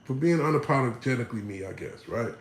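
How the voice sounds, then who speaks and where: A man's voice: medium pitch, quick pace. Reflective man telling his story in a roomy space. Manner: conversational, frequent "you know what I'm saying", animated when quoting others. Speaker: vlogger. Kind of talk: casual personal storytelling.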